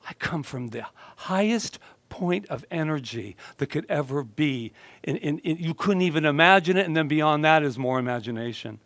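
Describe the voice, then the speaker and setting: A man's voice: a little high, lively intonation, moderate pace, a bit bright, dry recording. A male minister giving a casual, joking sermon and chatting with his congregation. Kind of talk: conversational sermon.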